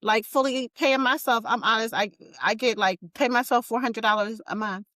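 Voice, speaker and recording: A woman entrepreneur, a guest on an interview, telling her story in an emphatic, animated way and calling listeners y'all. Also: a little high, moderate pace, no room sound.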